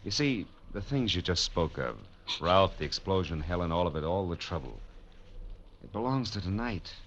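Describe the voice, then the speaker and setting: A man's voice: sits low, expressive, a little fast, pushed and bright, a little hiss or hum. A man playing a hard-boiled, wry private eye in a vintage radio drama, narrating and talking in a dry, wisecracking way. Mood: soothing. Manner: dry, wisecracking, soothing to others. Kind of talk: 1940s radio drama acting with first-person narration. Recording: lo-fi vintage radio broadcast with music.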